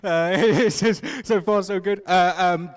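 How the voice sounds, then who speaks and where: A man's voice: high voice, steady tone, measured pace, no room sound. A man interviewing drivers outdoors at a kart track in casual chat, upbeat and rallying, with many fillers and restarts.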